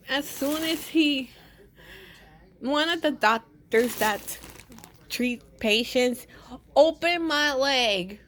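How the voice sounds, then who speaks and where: Young woman, slow unhurried delivery, somewhat high voice, rambling storytime chat with frequent restarts. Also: a bit bright. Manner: rambling, with many restarts and repeated words. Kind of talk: casual personal storytime.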